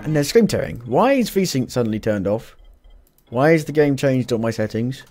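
A man's voice: medium pitch, expressive, moderate pace, darkish tone. A man commentating on his own gameplay, his voice jumping up and down as he gets fed up and swears at the game. Faint game music plays behind him. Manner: exasperated, swearing, talks back to the game. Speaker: let's play gamer.

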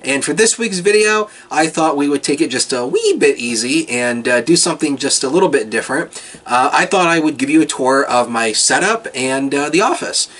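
A man hosting his tech channel, giving a relaxed, self-deprecating tour of his computer setup with plenty of fillers. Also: fairly high pitch, moderate pace. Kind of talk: casual tour vlog with voice-over.

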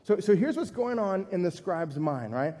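A man's voice: high voice, very animated, moderate pace, dark tone, in a large hall. A man preaching a sermon to a church congregation in a conversational way, asking questions and repeating his points. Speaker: pastor.

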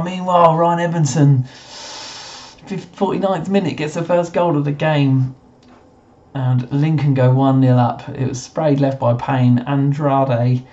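A young man with a slightly croaky voice, casually commentating a football management game he is playing, swinging between mutters and excited cheers. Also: mid-range voice, dull audio. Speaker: gaming commentator. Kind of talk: casual let's-play commentary.

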